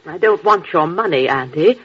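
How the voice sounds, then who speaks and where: A quiet young niece answers her aunt mildly and evasively. Her voice is slightly husky. The recording is dull and muffled like an old broadcast. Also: deep voice, lively intonation, normal speed, heavily acted. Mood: subdued. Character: meek young woman, niece and companion. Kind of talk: vintage radio drama acting.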